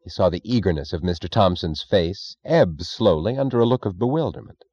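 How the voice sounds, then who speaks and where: A man giving a measured, scripted audiobook narration. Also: sits low, lively intonation, a little mellow, no echo, highs cut off.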